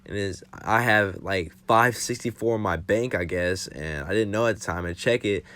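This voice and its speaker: A man's voice: lowish voice, normal speed, fairly bright tone, dry recording. A young man telling a casual storytime for his vlog, rambling and swearing freely with lots of fillers. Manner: rambling, profane, full of fillers. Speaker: vlogger.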